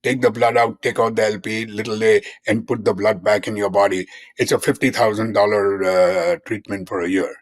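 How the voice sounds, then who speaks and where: An older man speaks as a physician guest in an interview, his voice low and husky. He explains earnestly and comes back to key terms again and again. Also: normal speed, hardly any pauses. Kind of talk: conversational interview.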